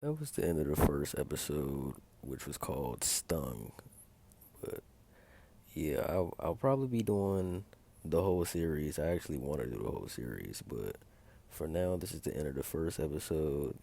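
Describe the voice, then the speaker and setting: A man with an extremely low voice that keeps sliding into gravelly fry. He recaps a TV episode in a loose, rambling way, leaning on filler words throughout. He retells the scenes by quoting the characters in his own plain voice. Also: expressive, normal speed, dark tone. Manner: rambling, heavy use of filler like "like" and "or whatever". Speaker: video host recapping a TV episode. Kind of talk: casual spoken recap.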